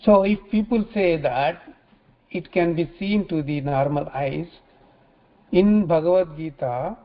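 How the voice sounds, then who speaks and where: A man teaching scripture in a religious talk, halting often and repeating phrases as he restarts. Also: a little high. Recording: dull lo-fi recording.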